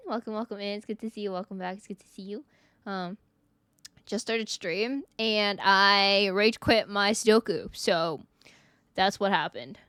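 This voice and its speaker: Young woman streamer, bright voice, dry close mic, chatty with chat, voice wearing thin. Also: mid-range voice, measured pace, smooth, no echo. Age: 20s. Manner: chatty, greets viewers one by one. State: voice giving out, coughing. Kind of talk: casual live-stream chat. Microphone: desk streaming mic.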